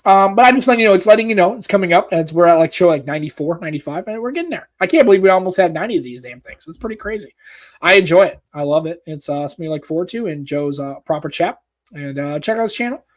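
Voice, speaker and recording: An American man with a slightly high voice co-hosts a tech podcast. He talks in a loose, jokey way and swears freely. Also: expressive, racing. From United States. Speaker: podcast co-host. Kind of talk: casual podcast chat.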